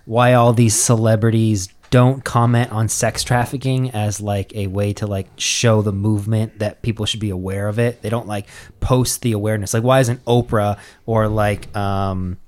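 A man's voice: fairly low pitch, level tone, normal speed, a little mellow. A man chatting casually on a podcast, rambling through a story with lots of swearing and filler words. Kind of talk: casual chat.

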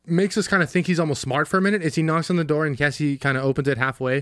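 A man's voice: on the high side, steady tone, no room sound, studio quality. Upbeat man co-hosting a movie podcast. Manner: quick, jokey, acts out movie lines. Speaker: podcast co-host. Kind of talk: casual movie review chat.

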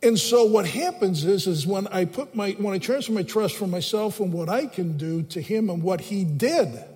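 A man with a very high voice preaches emphatically to his congregation, repeating phrases for stress. His voice rings with the long reverb of a large church hall. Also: darkish tone. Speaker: pastor. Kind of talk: sermon.

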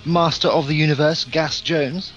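A man's voice: on the high side, fairly even intonation, moderate pace, fairly bright tone, soft background music. A man standing in as podcast host, teasing his guests in casual chat. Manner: teasing, laughs often. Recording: dull lo-fi sound.

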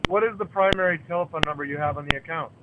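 A man's voice: fairly high pitch, racing. A man on the phone, stammering and pressing insistent questions. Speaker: prank-call target. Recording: muffled phone line with faint noise.

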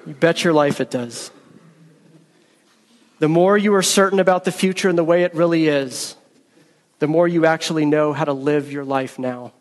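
Male pastor, slightly higher voice, emphatic sermon delivery, long hall reverb. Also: steady tone, normal speed, pauses often. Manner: emphatic, earnest preaching with storytelling.

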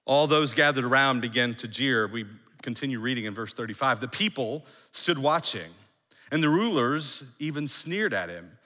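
A man preaching a sermon as a pastor, emphatic, repeating phrases and dropping to a hush for effect. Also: mid-range voice, lively intonation, normal speed, long reverb tail. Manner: emphatic, with repeated phrases and dramatic hushed drops.

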